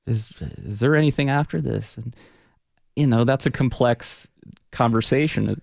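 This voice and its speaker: In a radio studio interview, a man who is both a Buddhist teacher and a punk rock frontman talks earnestly and reflectively. His mid-range voice is gravelly and a little mellow, at normal speed with no room sound, and he often restarts or trails off while searching for words.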